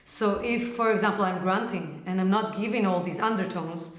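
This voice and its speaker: A woman vocal coach explains technique in a casual, lively way and slips into quick sound demonstrations. Her voice sits at a middle pitch. The recording has a roomy echo. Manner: casual and animated, breaks into short vocal demonstrations. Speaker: vocal teacher. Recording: echoey room.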